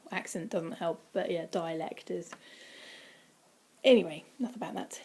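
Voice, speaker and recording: A woman chatting casually from home in a vlog, rambling with many ums and dropping into quiet, breathy asides. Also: fairly low pitch, moderate pace, slight background noise. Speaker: vlogger. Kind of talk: casual weight-loss vlog. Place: indoors at home, by a window.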